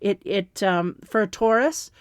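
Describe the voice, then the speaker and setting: A woman giving a spiritual tarot reading in a slow, meandering, reassuring way, with fillers and soft laughs. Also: medium pitch, clean tone, no echo, studio quality. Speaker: tarot reader.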